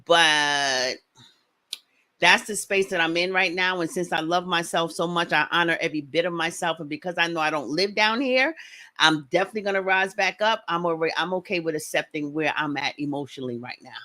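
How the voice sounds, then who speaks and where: A woman hosts a casual livestream, speaking quickly and greeting viewers one by one. Her voice is bright and forward. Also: on the low side. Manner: fast-talking, greets viewers by name. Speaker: livestream host.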